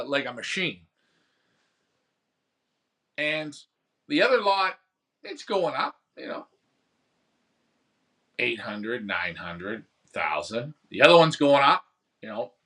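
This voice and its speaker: A man's voice: medium pitch, pushed and bright. A man hosting a pigeon racing show, telling a rambling story about an auction and answering viewer comments in casual chat. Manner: rambling storytelling, acts out phone bids. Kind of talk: casual live-stream chat.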